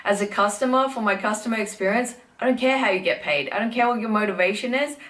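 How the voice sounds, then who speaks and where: Upbeat woman vlogger, mid-pitched voice. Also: quick pace, a bit bright. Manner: upbeat, enthusiastic. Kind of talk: vlog talk to camera.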